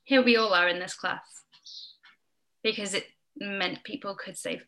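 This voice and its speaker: Bright-voiced woman host, chatty. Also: mid-range voice, steady tone, unhurried, low-quality recording. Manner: chatty, lots of filler "like". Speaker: host and Instagram teacher. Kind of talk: casual teaching on a group call. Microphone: video call.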